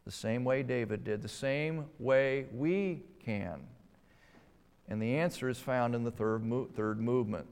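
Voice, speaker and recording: A man preaching a sermon, swinging between emphatic rises and hushed, slow passages. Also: mid-range voice, clean tone. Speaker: pastor. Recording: long hall reverb.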